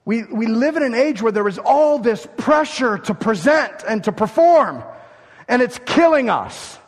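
Man, pastor, sermon, animated, acts out scenes, loud and hushed, high voice, big reverberant hall. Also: a little slow. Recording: long reverb of a large hall.

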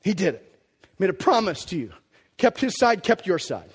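A male pastor delivering a sermon with a high-pitched voice. He talks casually and with passion, dropping to a near hush and then surging loud again. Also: very animated, moderate pace, breathy edge. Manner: impassioned and conversational, swinging between hushed and loud.

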